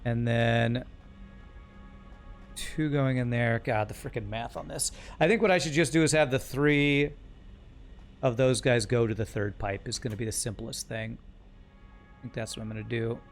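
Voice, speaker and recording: A man's voice: mid-range voice, steady tone, normal speed, pauses often, faint music behind. A man streaming a building game, thinking aloud and correcting himself as he works through numbers. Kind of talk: live gameplay commentary.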